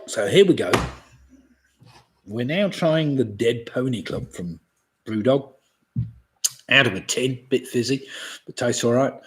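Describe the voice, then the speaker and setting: A man in his sixties hosting a live quiz from home, chatting casually, chuckling often and reading each question slowly twice. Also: mid-range voice, animated, a little hiss or hum. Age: 60s. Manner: chatty, chuckles often, asides about beer; reads questions slowly and repeats them. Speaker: pub quiz host.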